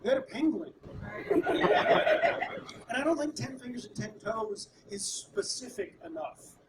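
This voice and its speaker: A middle-aged man performing stand-up on a live comedy stage, telling stories that end in deadpan punchlines. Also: extremely high pitch, measured pace. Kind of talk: stand-up routine. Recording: distant mic with room noise.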